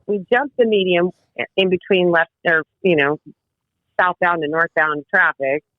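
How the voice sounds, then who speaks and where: Female guest, lively storyteller who laughs and curses freely, tinny phone-line audio. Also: lowish voice, a little slow, no room sound. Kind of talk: casual storytelling.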